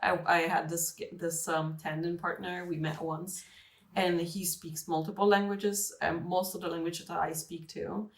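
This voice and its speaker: A young woman talking as a podcast guest, her voice sitting a little low. She tells stories loosely and chattily, with plenty of fillers. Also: flat delivery, a little slow. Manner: chatty, storytelling with many likes. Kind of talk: casual podcast chat.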